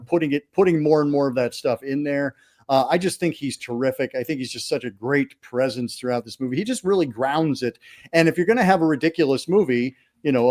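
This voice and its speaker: A man's voice: mid-range voice, a little mellow. A man co-hosting a casual horror movie podcast, enthusiastically sharing film trivia and praise for actors. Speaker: podcast co-host. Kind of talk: casual movie review chat.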